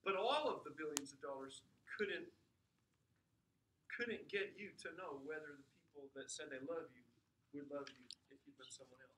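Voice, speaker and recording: A man giving an informal lecture, telling stories with jokes and asides in an animated way. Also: a little high, moderate pace, far from the mic, a little hiss or hum. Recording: echoey room, mic from afar.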